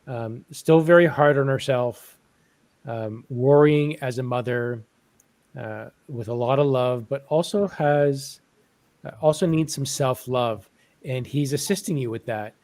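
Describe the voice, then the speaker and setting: A man on a spiritual group video call, describing a channeled vision gently, with many fillers. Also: mid-range voice, a little slow. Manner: gentle, reflective, with frequent fillers. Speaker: channeling participant.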